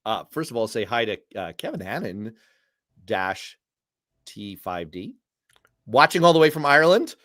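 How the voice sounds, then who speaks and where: A man's voice: lowish voice, normal speed, long pauses, no echo, clean studio sound. A man hosting a live-stream political commentary show, feisty and jokey, talking with a guest and reading out viewer comments. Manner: animated and feisty, jokey asides. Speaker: host.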